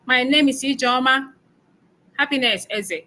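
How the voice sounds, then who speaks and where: Woman, formal greeting, high, bright, faint noise behind. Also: a little slow, poor audio. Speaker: regional representative. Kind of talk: formal self-introduction.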